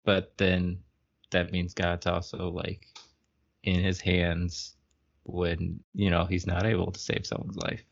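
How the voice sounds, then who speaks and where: Slowly and with vocal fry, a deep-voiced man reads a book aloud in a completely flat delivery. As co-host of a casual podcast, he laughs at the text and makes wry jokes, and the recording is muffled and lo-fi.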